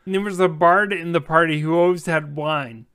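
Host, male, forties, high-pitched, conversational. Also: normal speed, fairly bright tone, clean tone. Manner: asks questions at length. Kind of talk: casual chat.

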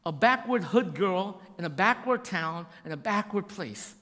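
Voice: medium pitch, lively intonation, unhurried, sharp tone. A preacher giving a conversational sermon, with slangy asides and frequent check-ins with the listeners. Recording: long hall reverb.

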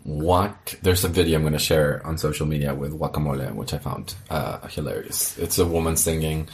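A man's voice: very deep voice, normal speed, vocal fry. A man chatting casually as a podcast co-host, playful and wry, with hesitant restarts. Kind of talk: casual chat.

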